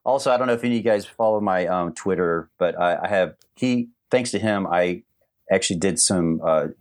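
Middle-aged male storyteller, very deep voice, loose and rambling, lots of restarts. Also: fairly quick. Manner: rambling, many restarts and fillers. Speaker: animator guest telling stories. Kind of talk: casual storytelling on a livestream.

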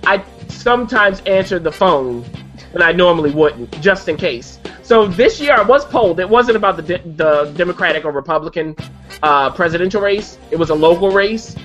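A woman's voice: fairly low pitch, lively intonation, moderate pace, highs cut off, faint music behind. A woman hosting a casual chat, assertive and playful, often laughing.

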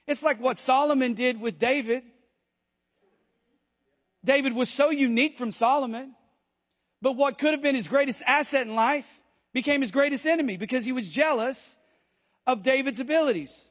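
A man preaching a sermon in church, animated and jokey, with quick asides to the congregation. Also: extremely high pitch. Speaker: pastor.

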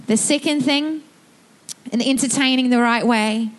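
High-voiced woman preaching with energy. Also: a little slow. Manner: animated storytelling, lively and emphatic. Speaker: pastor. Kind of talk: sermon.

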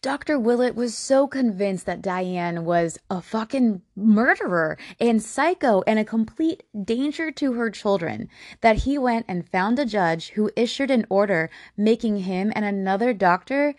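A woman's voice: medium pitch, animated, unhurried, darkish tone, dry recording, studio quality. Blunt, cursing woman podcast host. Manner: blunt, swears freely, emotionally invested. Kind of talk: casual true-crime narration.

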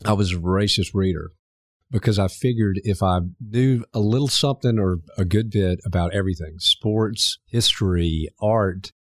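Low-voiced earnest middle-aged man. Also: no echo, studio quality. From Canada. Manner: earnest, halting with restarts. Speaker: podcast guest, former mayor. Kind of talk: conversational interview.

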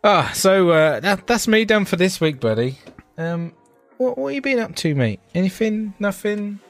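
Man, podcast co-host, swearing, animated rants, faint music behind. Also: sits high, moderate pace. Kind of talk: casual chat.

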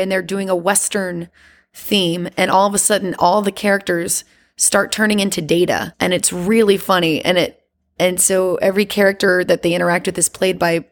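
A woman chatting as a podcast guest, animated and laughing often, with many fillers. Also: on the low side, normal speed. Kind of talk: casual chat.

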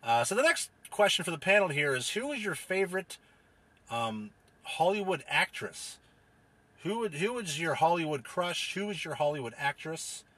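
A man hosting a comedy panel in an exasperated, deadpan, crude way, steering the segment along. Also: on the high side, normal speed. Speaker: host, panel moderator.

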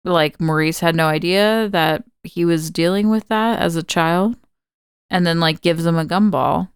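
Clear-voiced woman recapping a film casually. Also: fairly low pitch, measured pace, no echo, studio quality. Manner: chatty, laughs often, swears casually. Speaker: podcast co-host. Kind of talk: casual movie recap chat.

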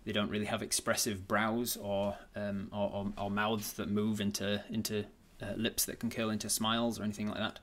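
A man running a tabletop game as its game master. He describes the scene in a low voice. He stumbles often and restarts his sentences, filling gaps with ums and uhs. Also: little pitch movement, normal speed, few pauses, a bit bright. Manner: hesitant, many fillers and restarts.

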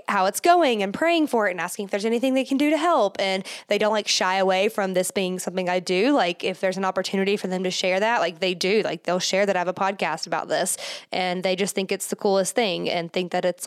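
A woman hosting a solo podcast, talking casually and a little out of breath, full of fillers and quick restarts. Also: medium pitch, clean tone. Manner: chatty, many fillers and restarts. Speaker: podcast host.

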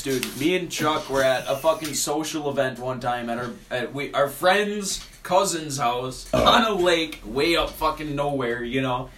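A man's voice: a little high, pushed and bright, recorded from a distance, a little hiss or hum. A man rambling through a crude story in casual podcast chat, laughing along.

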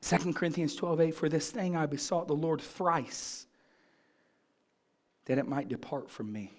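A man's voice: fairly high pitch, expressive, a little slow. A man pastor preaching a sermon, asking the congregation questions and building in fervor.

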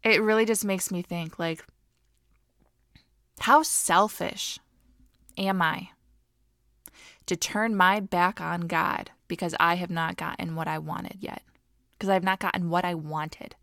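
A woman talks over her faith in a casual podcast, earnest and reflective. Her voice sits fairly low, and the recording is dry and close. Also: fairly even intonation, normal speed, a bit bright, no echo. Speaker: podcast co-host.

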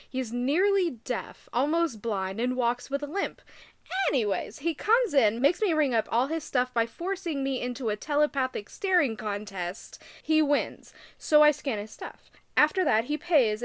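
A woman's voice: on the high side, a bit bright, dry recording. A young woman co-hosting a casual podcast, telling work stories with frequent giggles. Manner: giggly storyteller, reads notes aloud. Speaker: podcast co-host. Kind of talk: casual chat.

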